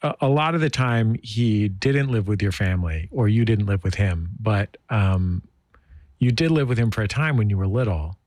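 A man hosting an interview, speaking a little low in a chatty, searching way. He turns his thoughts over out loud and checks in with his guest. The sound is dry and close. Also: normal speed, no room sound. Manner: chatty, thinks aloud with repeated phrases. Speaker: radio interview host.

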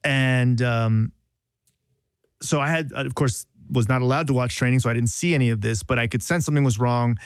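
A man's voice: mid-range voice, moderate pace, dry recording. A man spins a long, self-mocking story about a job gone wrong, circling back and restarting his sentences as he goes. He sounds close and dry, with no room around him. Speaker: journalist telling a story. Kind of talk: casual podcast anecdote.

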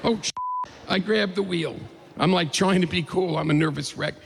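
A man telling a funny story to a crowd in an animated, playful, self-mocking way. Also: high-pitched, normal speed, vocal fry, slightly rough, big-room sound. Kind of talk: live comedic storytelling.

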